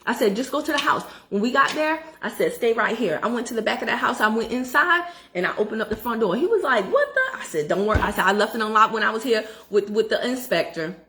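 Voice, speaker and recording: A middle-aged woman tells a personal story straight to her viewers. Her voice sits a little high, and her delivery is chatty and animated, with plenty of asides to the audience. She records on her phone. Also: quick pace, few pauses. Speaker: credit education vlogger.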